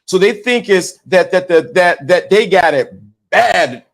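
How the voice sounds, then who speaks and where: A man with a high-pitched voice talks straight to his channel viewers in a preachy, live commentary. He circles back on his words, stumbles and repeats phrases as he drives a point home, speaking into a phone. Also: animated, a little slow, vocal fry. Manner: preachy, repetitive, restarts and stumbles often. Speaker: channel host. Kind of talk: livestream commentary.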